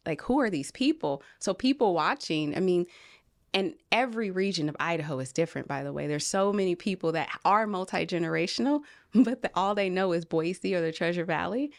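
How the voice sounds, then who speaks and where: Earnest woman from California, low voice. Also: no echo, studio quality. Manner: earnest, animated storytelling, quotes others in voices. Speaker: podcast guest, film producer. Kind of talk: casual conversation.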